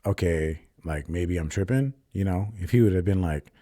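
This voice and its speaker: A young man tells a personal story on his solo podcast, rambling, swearing, and confessing in a casual monologue. His low, dark voice moves at a moderate pace, and the recording is clean studio audio with no room sound.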